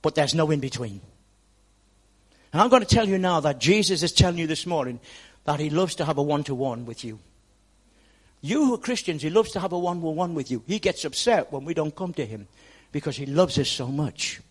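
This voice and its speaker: High pitched guy preaching a sermon in church, talks right to the congregation, repeats himself for emphasis. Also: lively intonation, brisk. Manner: emphatic, repeats words, addresses the congregation directly. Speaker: pastor.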